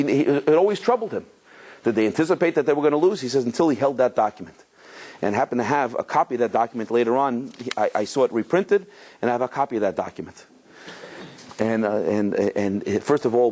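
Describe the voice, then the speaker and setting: A rabbi with a fairly low voice delivers a Torah lecture to a live audience. He tells stories in a conversational way, often restarting his sentences and mixing Hebrew and Yiddish terms into his English. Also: darkish tone. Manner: storytelling with many restarts and quoted voices.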